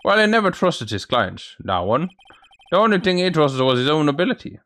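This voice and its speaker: A man's voice: fairly high pitch, sing-song, brisk, fairly bright tone. A man voicing an old man who talks in an old-fashioned way, calling people my dear and me boy, over faint game music. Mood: earnest.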